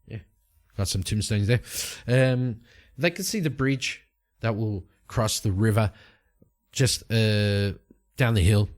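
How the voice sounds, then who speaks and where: A man's voice: lowish voice, takes it slowly. A man hosting a solo tabletop game, narrating the story and musing aloud as he checks tables and rolls dice. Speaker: host and solo game player.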